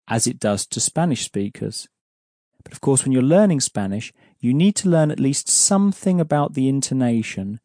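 Mellow-voiced male language teacher. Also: mid-range voice, dry recording, clean studio sound. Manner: patient, clear explaining. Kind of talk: explaining an audio course lesson.

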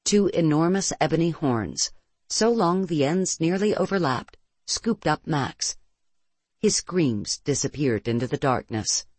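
A narrator reading science-fiction adventure fiction aloud in a steady storytelling manner, close to the mic. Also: medium pitch, unhurried, slightly rough, no room sound. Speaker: audiobook narrator.

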